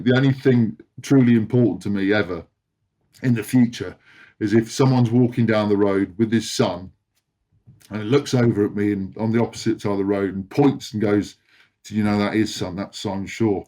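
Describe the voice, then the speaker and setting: A man's voice: fairly low pitch, normal speed. A man in his forties from England, a retired rugby player guesting on a podcast, telling stories with lots of laughter, swearing and stumbles. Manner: animated anecdote-teller, laughs often, swears, stumbles over words. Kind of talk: casual storytelling chat.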